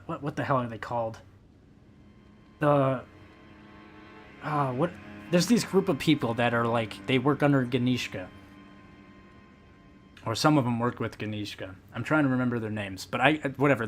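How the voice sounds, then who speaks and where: A young man streaming a game live, rambling and swearing as he vents to his chat. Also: a little high. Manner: rambling, profane, emotional venting.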